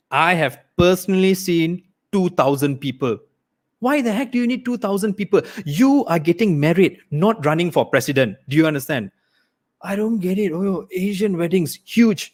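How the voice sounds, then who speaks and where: A young man from Malaysia performing a livestreamed stand-up set, acting out characters. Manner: animated, acts out characters with big pitch swings. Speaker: stand-up comedian.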